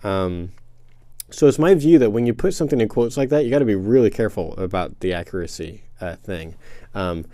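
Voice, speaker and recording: A man with a deep, dark voice talks through a question in casual commentary. He hedges carefully, stopping often with fillers and self-corrections. The sound is close and dry. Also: animated, a little fast, no room sound. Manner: hesitant, many fillers and restarts, careful hedging. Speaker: commentator answering a listener question.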